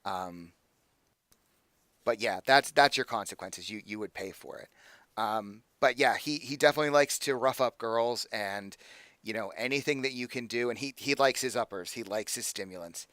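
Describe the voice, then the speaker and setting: A young adult man narrating as game master, casual and halting, with many fillers and restarts. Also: medium pitch, a bit bright, no echo.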